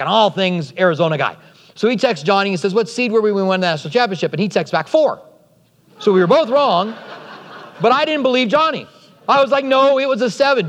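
High-voiced male pastor in a reverberant hall. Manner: lively, conversational, joking asides. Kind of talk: sermon.

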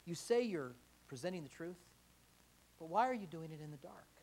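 Male pastor, high animated voice, impassioned sermon delivery in church. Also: normal speed. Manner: impassioned, rising to emphatic exhortation.

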